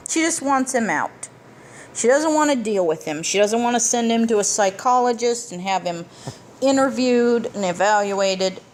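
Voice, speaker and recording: A woman's voice: on the high side, animated, normal speed, slight background noise. A woman giving a casual plot recap of a film as a reviewer, blunt and profane, with emphatic asides. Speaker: movie reviewer.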